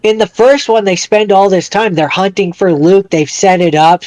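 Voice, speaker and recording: A man's voice: sits high, fairly even intonation, moderate pace, a little mellow, no echo. A man co-hosting a podcast in casual chat, who makes his points emphatically and repeats them. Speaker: podcast co-host.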